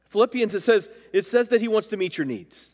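This preacher has a high, slightly mellow voice and moves fairly quickly through his sermon. He swings his pitch up and down to stress points, recorded in a sanctuary with a long, echoing tail.

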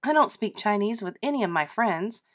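A stubborn eight-year-old girl complains her way through a classroom play. A woman reading aloud voices her, lifting her voice a little higher and making it sound whiny and insistent. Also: expressive, moderate pace, lightly acted. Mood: protesting.

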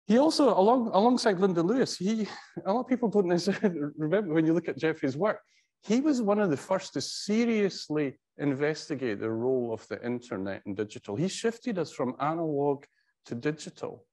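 A middle-aged man, a professor, giving an anecdotal tribute speech in a conversational, halting way, with wry storytelling and frequent restarts. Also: a little high, lively intonation, darkish tone.

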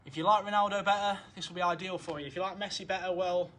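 A man's voice: high-pitched, fairly even intonation, quick pace, a bit bright. A young man coaching football drills in his garden, upbeat and encouraging, counting down each set while out of breath. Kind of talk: home football drill session. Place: garden, outdoors.

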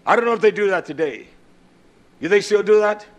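Middle-aged man, preacher, somewhat high voice, sermon, shouts then drops to a mutter. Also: expressive, a little fast, highs cut off. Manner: swings from shouted preaching to low muttered storytelling.

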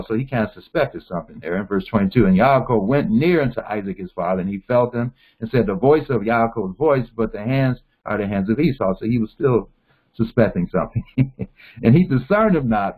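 A man's voice: mid-range voice, slightly rough. Man reading scripture over a tinny line. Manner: reads verses aloud, breaking off to explain them. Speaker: Bible teacher. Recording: tinny phone-like sound.

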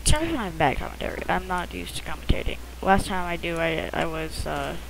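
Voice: medium pitch, animated, fairly quick, vocal fry, noisy background. A first-time gamer commentating their own shooter match in a casual, rambling, self-conscious way, with muttered asides, recorded at home on a close mic that the lips bump.

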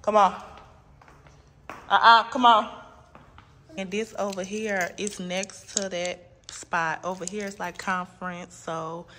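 Slight background noise accompanies a woman's mid-range, pushed and bright voice, which is fairly even, slow, and full of pauses. Tired and emotional, this vlogger holds a phone camera as she casually tours her new apartment and the building's indoor common areas, chatting to viewers as "y'all."

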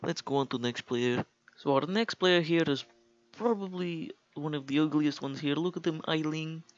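A man's voice: fairly high pitch, moderate pace, highs cut off. A young man giving crude, mock-outraged commentary on a video game team. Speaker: video host. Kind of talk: casual gameplay commentary.

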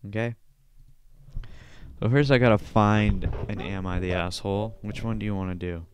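A man hosting a casual solo podcast, reading online posts aloud with offhand mumbled asides and sudden loud, silly outbursts. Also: lowish voice, steady tone, moderate pace, slight background noise. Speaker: podcast host.

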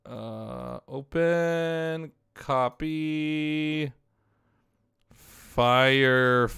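A man's voice: fairly high pitch, drawn-out words, gravelly, fairly bright tone, clear, resonant tone, no echo, clean studio sound. A man in his thirties on a headset, casually commenting on fan drawings, laughing often and swearing now and then. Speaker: streamer reviewing fan drawings.

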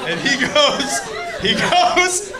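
A man telling a profane story in a stand-up set, shouting his punchlines. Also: very high voice, very animated, very slow, noisy background. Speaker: stand-up comedian. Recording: live club with loud crowd laughter.

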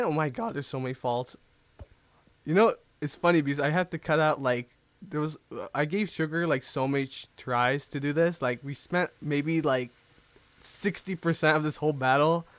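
A man giving casual, rambling commentary over his own gameplay, excitable and quick to mock his own mistakes. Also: a little high, no room sound. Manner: excitable, self-mocking, rambling. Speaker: gaming YouTuber.

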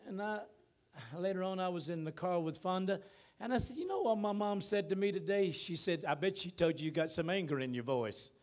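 Guy preaching in church, kinda high voice, gets loud and drags words out. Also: lively intonation. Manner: preaching with rising emphatic bursts and drawn-out words. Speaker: pastor. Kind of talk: sermon. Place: church sanctuary.

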